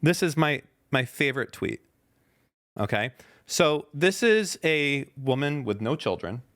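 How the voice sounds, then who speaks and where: A man's voice: mid-range voice, animated, a little slow, a bit bright. A man in his thirties hosting a podcast, reading tweets aloud and mocking them in casual, sarcastic chat.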